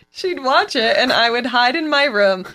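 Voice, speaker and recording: A woman co-hosting a podcast, telling a personal story in an animated, self-mocking way. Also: a little high, takes it slowly, a little hiss or hum. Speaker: podcast co-host. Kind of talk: casual chat.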